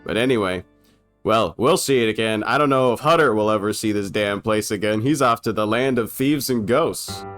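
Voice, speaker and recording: Over soft background music, a young man with a fairly low, fairly bright voice mocks an old film at a moderate pace. He's irreverent and profane, laughing often as he improvises his commentary.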